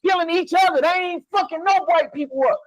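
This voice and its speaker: A man's voice: very high-pitched, brisk, no room sound, low-quality recording. A man co-hosting a heated casual conversation, talking emphatically, swearing and laughing often. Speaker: podcast co-host.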